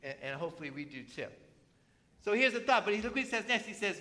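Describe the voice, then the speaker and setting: A pastor preaching a conversational sermon in church, often asking the congregation questions. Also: male voice, high-pitched, sing-song, fast talker, pushed and bright. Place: church with slides on a screen.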